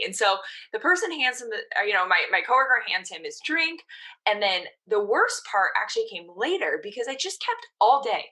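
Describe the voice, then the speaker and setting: A woman's voice: mid-range voice, very animated, fairly quick, pushed and bright. A woman in her thirties, a mental performance coach, casually telling her story as a podcast guest and quoting her own past thoughts.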